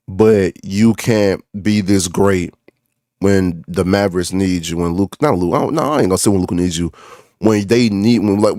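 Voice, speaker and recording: A man's voice: fairly low pitch, darkish tone, dry recording, clean studio sound. A young man ranting as a basketball fan, frustrated and repetitive, calling out players by name and saying "bro" often. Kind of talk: ranting sports reaction vlog.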